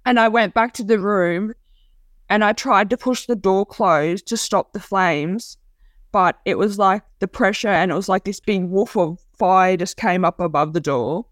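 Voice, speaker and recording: Woman, middle pitch, raw and halting personal account, dry close mic. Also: dry recording. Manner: halting, raw, repeats herself. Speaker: interviewee telling her story. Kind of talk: personal testimony.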